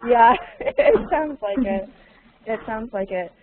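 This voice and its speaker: A woman's voice: on the high side, big pitch swings, takes it slowly. A woman teaching a conversation class over a video call. She repeats her questions patiently and slips in Russian words to explain. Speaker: English teacher. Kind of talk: online conversation lesson. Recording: tinny, narrow call audio with faint noise.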